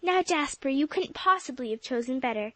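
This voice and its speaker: Excitable, exclaiming young girl, played by a woman reader in a storybook; high and bright on a dry read. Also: a little fast, no echo. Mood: excited. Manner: gushing, exclamatory. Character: excitable warm-hearted girl Polly.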